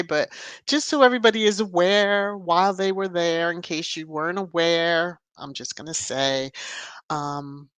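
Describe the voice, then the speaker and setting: A woman's voice: on the low side, a bit bright, dry recording. A woman hosting a casual livestream, chatting with viewers, greeting them by name and laughing often. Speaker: livestream host.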